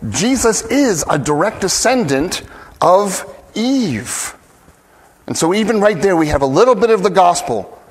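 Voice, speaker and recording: High-voiced, slow-preaching man. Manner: earnest, emphatic preaching with frequent restarts. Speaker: pastor. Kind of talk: sermon.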